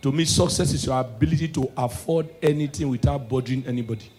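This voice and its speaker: A man with a Nigerian accent doing stand-up comedy, telling animated stories and bursting into shouted punchlines. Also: medium pitch, fast talker, a little hiss or hum.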